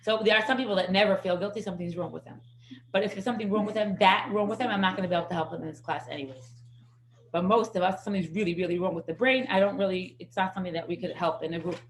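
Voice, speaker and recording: A middle-aged woman teaching a parenting class, telling lively stories. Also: on the low side, very fast, a little hiss or hum. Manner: lively anecdotal storytelling. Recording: echoey room.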